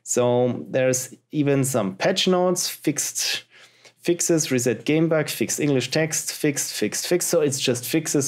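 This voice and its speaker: A man's voice: mid-range voice, slow pace, a little mellow, soft background music. A man casually commenting while he plays indie games, reading on-screen text aloud in a chatty way. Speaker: let's play host.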